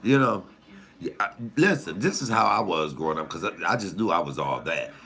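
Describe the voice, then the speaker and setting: A man, a comedian, telling profane, animated stories casually to his channel's viewers. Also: low voice, a little fast, creaky. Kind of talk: casual storytelling to camera.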